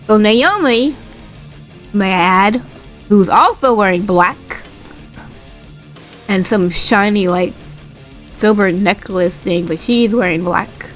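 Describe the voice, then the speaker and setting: A woman recaps a wrestling episode in an animated, chatty vlog, with a voice of middle pitch. She fills her talk with asides and small fillers. Faint music plays underneath. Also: takes it slowly, long pauses. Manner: animated retelling, acts out quotes in a higher voice. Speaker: wrestling commentator recapping a show.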